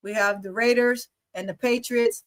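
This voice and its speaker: A woman's voice: a little high, fairly even intonation, normal speed. A woman co-hosting a casual sports talk show, reading scores and teasing her co-host with frequent laughter. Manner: playful, teasing, laughs often.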